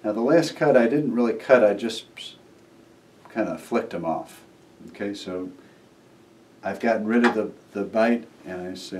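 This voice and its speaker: Male magician, lower register, easygoing how-to delivery; records a bit off the mic. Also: a little slow, far from the mic, slight background noise. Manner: relaxed, acts out the kids' replies while demonstrating. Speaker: magician teaching a trick. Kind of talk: casual how-to explanation.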